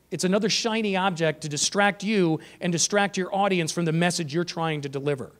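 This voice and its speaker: A man giving a conference presentation to teachers, energetic and emphatic, shifting his pace for effect. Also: sits high. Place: conference room.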